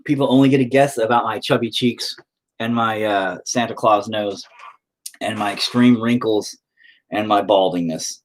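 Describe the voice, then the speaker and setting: A man's voice: on the low side, fairly even intonation, moderate pace, poor audio. A man chatting casually on a live stream while he paints, rambling, swearing often and joking at his own expense.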